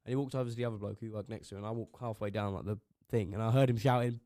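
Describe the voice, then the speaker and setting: A man's voice: mid-range voice, fairly even intonation, racing, a little mellow, dry recording, studio quality. A young man, co-hosting a podcast, telling rambling, sweary work stories and acting out what others said. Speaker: podcast co-host. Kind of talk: casual chat.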